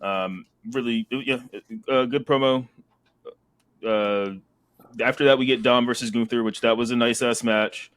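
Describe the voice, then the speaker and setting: Casting note: mid-pitched male podcast co-host, easygoing, laughs a lot. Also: unhurried. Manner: laughing, relaxed, slangy. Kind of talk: casual chat recapping wrestling.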